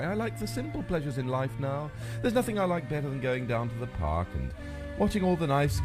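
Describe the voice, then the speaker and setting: A man hosting a radio sketch comedy show, delivering sardonic monologue and slipping into silly voices. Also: mid-range voice.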